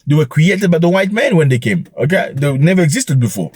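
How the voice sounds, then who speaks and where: A man hosts his own commentary show, lecturing his audience in an emphatic, scolding way. His husky voice is pitched a little high and leaps widely between highs and lows. Faint music sits under him. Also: big pitch swings, brisk, few pauses, a little mellow, no room sound. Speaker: commentary channel host. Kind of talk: opinionated commentary monologue.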